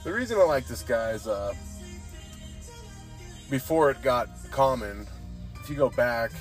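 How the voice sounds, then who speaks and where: A man's voice: mid-range voice, animated, a little slow, soft background music. A young man hosting a podcast, telling rambling, profane stories and saying "dude" constantly. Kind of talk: casual storytelling chat.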